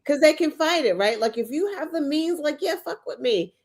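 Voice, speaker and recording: A woman's voice: sits high, expressive. A woman co-hosting a political talk show, emphatic and profane in casual conversation. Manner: emphatic, profane, agreeing quickly. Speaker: podcast co-host.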